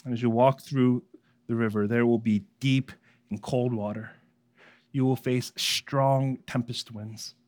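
A man preaching a sermon, emphatic and rhythmic, building lists of phrases and swinging from loud, high passages to hushed ones. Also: steady tone, a little slow.

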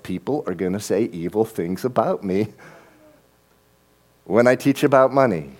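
Earnest, halting male pastor preaching. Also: fairly low pitch, expressive. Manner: earnest, halting, repeats words when starting sentences. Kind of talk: sermon.

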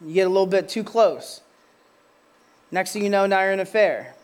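A man in his thirties preaching a sermon as a pastor, building from quiet storytelling to impassioned, near-shouted questions. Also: sits high, a little fast.

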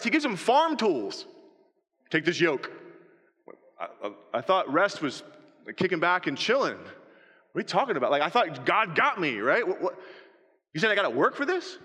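A man preaching a sermon, his voice bright, forceful and a little higher than most men's. He puts question after question to his congregation. The sound hangs in the long reverb of a church hall. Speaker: pastor. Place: church sanctuary.

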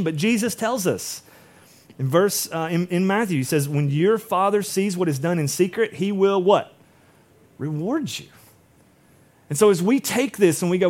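A man's voice: on the high side, expressive, normal speed, a little mellow. A middle-aged man preaching a sermon as a pastor, conversational and acting out quoted voices.

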